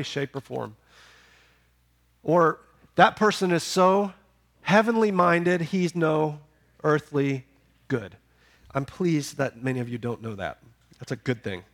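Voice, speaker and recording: This man is a pastor delivering a sermon. His voice swells to loud, emphatic high points, then falls away to something low and quiet.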